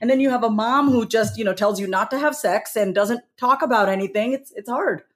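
Candid, animated New York woman. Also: on the high side, a little fast. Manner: animated, laughs often, candid. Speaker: guest. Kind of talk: podcast conversation.

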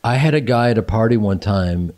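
A low-voiced man in his fifties hosts a relaxed podcast chat. He speaks in a mellow, dark tone and often stumbles and restarts his sentences. He comes across as earnest and self-deprecating. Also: a little fast. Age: 50s. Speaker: podcast host. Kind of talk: casual chat.

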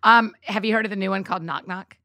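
A chatty woman hosts a podcast with a clear, bright voice at a middle pitch. She talks casually and keeps dropping in quick yeahs. The sound is dry and close, with hardly any room echo. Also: fairly even intonation. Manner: chatty, quick agreeing fillers. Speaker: podcast host. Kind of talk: casual chat. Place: recording booth.

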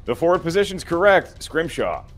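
A man's voice: a little high, big pitch swings, normal speed, soft background music. A man hosting a live trivia quiz with playful banter, counting down answers and teasing the contestants. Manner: playful, jokey, counts down timers. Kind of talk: game show hosting with banter.

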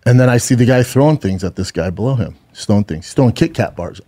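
A man's voice: mid-range voice, expressive, fast, warm tone. A man co-hosting a casual podcast, spinning a long story. He acts out every quote with gusto and curses freely as he goes. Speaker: podcast co-host.

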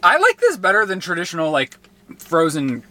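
A playful young man co-hosting a podcast in casual chat, with a quick, campy delivery. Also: high-pitched, huge pitch swings, pushed and bright. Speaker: podcast co-host.

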